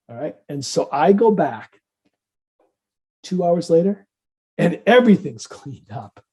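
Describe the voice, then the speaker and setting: A middle-aged psychiatrist from the Midwest, guesting on an interview, tells a story with plenty of life. He acts out the lines of everyone in it, putting on voices as he goes. His voice sits a little high for a man, with a dark, mellow colour. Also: normal speed. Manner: animated, acts out dialogue in different voices.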